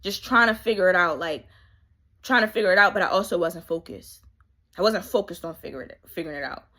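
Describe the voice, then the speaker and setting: Bright-voiced woman life coach, emphatic. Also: lowish voice, fast talker. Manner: casual, emphatic, repeats key phrases for effect; faith-driven, coaching tone addressing viewers. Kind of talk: candid motivational monologue.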